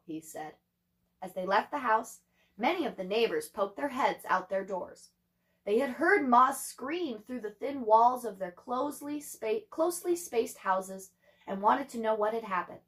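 A young woman, a teacher, reading a chapter book aloud to her class with animated, chatty asides to her students. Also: medium pitch, measured pace.

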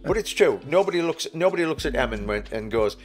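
A man's voice: on the high side, animated, fast, faint music behind. A middle-aged man, telling stories in a chatty, self-mocking way as an interview guest. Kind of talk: casual storytelling.

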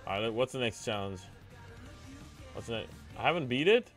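Excitable young male game streamer. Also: mid-range voice, moderate pace, faint music behind. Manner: excitable, talks to chat, cries out when things go wrong. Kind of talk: live gameplay commentary.

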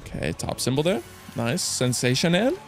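A man hosting his own channel, commenting excitedly to viewers with slang, swearing and loud outbursts. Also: on the high side, moderate pace, soft background music. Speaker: slots streamer host.

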